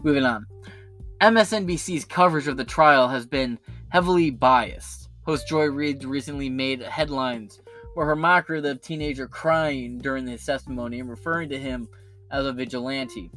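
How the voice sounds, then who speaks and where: A man hosting a casual political commentary show, ranting in a profane, animated way with many restarts. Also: medium pitch, normal speed, soft background music.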